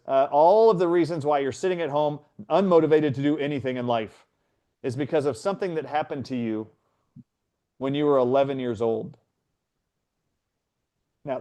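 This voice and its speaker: A middle-aged man, a guest in a conversation, earnestly retelling a personal story and acting out what others said. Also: medium pitch. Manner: earnest, animated retelling with quoted voices.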